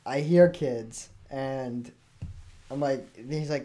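A man co-hosting a casual chat, telling gaming stories and acting out quotes with big jumps in pitch. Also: slow pace, dark tone. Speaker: podcast co-host.

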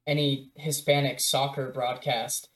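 Relaxed young man, roomy echo. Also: mid-range voice, measured pace. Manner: relaxed, trails off and restarts, chuckles. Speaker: podcast co-host. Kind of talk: casual chat.

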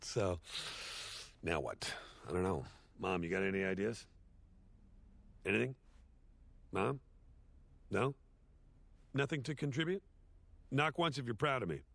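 A man voicing a washed-up male horse sitcom star, giving a rambling, sardonic, self-deprecating eulogy in an animated series. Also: lowish voice, a little slow, creaky, pauses often, no echo, full character voice. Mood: awkward. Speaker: eulogy speaker. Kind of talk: animated series dialogue, comic monologue.

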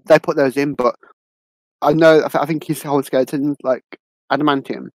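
A man's voice: on the high side, steady tone, fairly quick, dry recording, poor audio. A man co-hosting a film podcast, giving blunt opinions with frequent fillers and restarts. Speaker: podcast co-host. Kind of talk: casual film review chat. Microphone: podcast mic.

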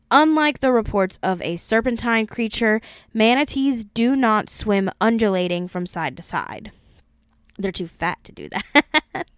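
A woman's voice: mid-range voice, clear, resonant tone, no echo, clean studio sound. A woman in her twenties hosting a podcast in blunt, casual chat. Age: 20s. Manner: blunt, swearing, laughing. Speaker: podcast host.

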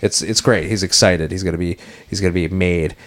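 A man's voice: low-pitched, steady tone, fairly quick. A man co-hosting a podcast, casually recapping a film in a rambling way and acting out lines from it. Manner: rambling, acts out quoted lines. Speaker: podcast co-host.

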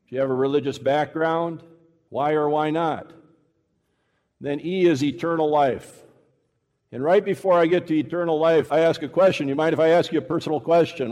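A man preaching a sermon to a congregation, telling a story and acting out the dialogue with lively shifts in pace. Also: medium pitch. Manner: animated, acts out dialogue, shifts pace often. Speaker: preacher teaching evangelism. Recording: long hall reverb.

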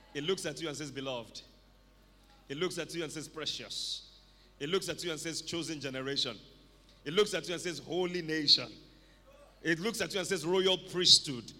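A man's voice: on the high side, bright, forceful tone. A man preaching a fervent sermon, calling out to the congregation for responses. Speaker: pastor. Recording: echoey hall with long reverb.

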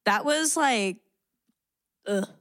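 A woman's voice: on the high side, lively intonation, drawn-out words, fairly bright tone, no echo, clean studio sound. A young woman co-hosting a podcast, telling stories frankly and laughing often in casual chat. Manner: candid storytelling, laughs often. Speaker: podcast co-host.

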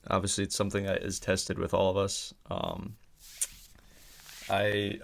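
A young man with a Wisconsin accent talks casually as a podcast guest. His voice sits low with a gravelly fry. He speaks haltingly, with plenty of ums and restarts. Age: young adult. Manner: halting, with many fillers and restarts.

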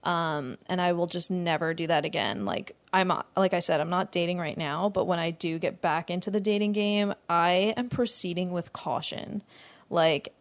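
This solo podcast features a woman in her twenties who wanders from topic to topic, laughs frequently, and swears freely, feeling lightheaded because she hasn't eaten. She speaks at a moderate pace with a fairly low pitch.

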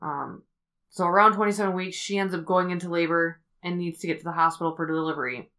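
A woman hosting a podcast, telling a story in a casual, rambling way with many fillers as she thinks out loud. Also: lowish voice, fairly even intonation, fast. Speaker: podcast host.

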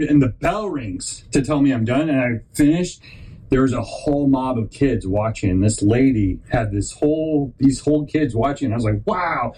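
A man's voice: mid-range voice, slightly rough, poor audio. A man hosting his own podcast, telling a rambling personal story, often restarting sentences and acting out other people in raised voices. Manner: animated, acts out quoted people in raised voices. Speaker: podcast host.

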